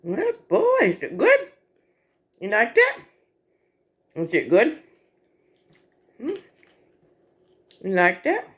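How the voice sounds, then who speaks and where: A woman's voice: medium pitch, wildly swooping pitch, slow pace, pauses often, fairly bright tone. A woman in a home video, talking to her pet in doting baby talk while it eats. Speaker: pet owner filming her pet.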